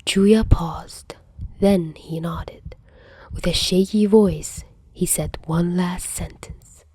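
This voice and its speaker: A woman narrating fan fiction as a podfic reader, soft and hushed, often dropping into whispers. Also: lowish voice, fairly even intonation, takes it slowly, slightly rough, dry recording.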